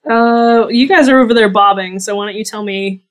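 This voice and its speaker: A woman narrating as game master of a tabletop game, relaxed and often laughing. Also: medium pitch, a little fast. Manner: relaxed, giggly storytelling.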